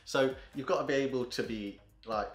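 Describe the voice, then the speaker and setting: A man's voice: medium pitch, normal speed, soft background music. A man from Britain with an English accent, a laid-back, agreeable guest in a casual chat who laughs easily. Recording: echoey room.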